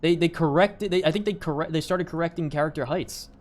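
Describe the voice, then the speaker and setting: A man's voice: on the high side, fairly quick. A man streaming a game, chatting casually and joking about what he sees. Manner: playful, joking, reacts to the game. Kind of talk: casual gameplay commentary.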